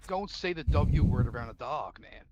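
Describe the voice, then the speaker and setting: A man chimes in over voice chat with teasing, offhand jokes. His voice sits at an ordinary pitch, and the line is buried under a loud, steady hiss. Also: moderate pace, lo-fi sound. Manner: joking, teasing. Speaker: friend on voice chat. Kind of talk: casual banter.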